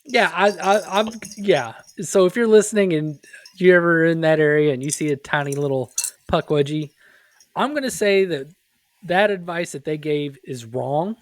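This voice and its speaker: A man with a fairly high voice, talking at normal speed, co-hosts a casual podcast. He keeps the chat joking, tossing in goofy asides and laughing often.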